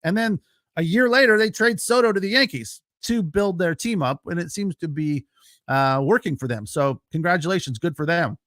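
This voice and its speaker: A man's voice: sits high, moderate pace, a bit bright, no echo, clean studio sound. A man hosting a solo postgame sports podcast, talking casually with lots of fillers and reacting to live chat. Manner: casual, chatty, frequent fillers, laughs easily.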